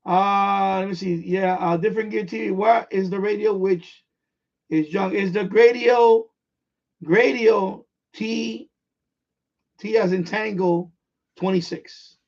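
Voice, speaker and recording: A man's voice: high-pitched, steady tone, slow, vocal fry, long pauses, a little mellow. A man with a New York accent, chatting casually and bluntly on a live stream, rambling and repeating himself. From born in Puerto Rico, raised in the Bronx. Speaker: radio hobbyist live streamer. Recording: dull lo-fi stream audio.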